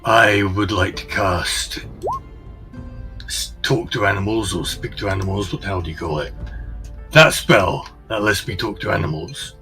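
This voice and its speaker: A man's voice: lowish voice, moderate pace, pushed and bright, soft background music. A man playing a tabletop game, talking bluntly and swearing freely. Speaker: player. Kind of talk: casual game chat.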